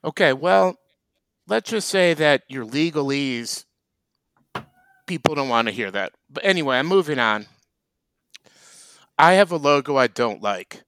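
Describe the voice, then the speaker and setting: Mock-serious comedy host, slightly high voice. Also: male voice, measured pace, long pauses, smooth, no room sound. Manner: deadpan mock-serious rants. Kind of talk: comedic casual chat.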